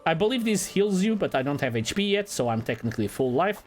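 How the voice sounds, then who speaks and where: A man's voice: on the high side, quick pace. Guy chatting over a game, laid back and jokey, swears a bit, faint music behind. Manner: relaxed, playful, swears casually. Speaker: gaming channel host. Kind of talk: casual let's-play commentary.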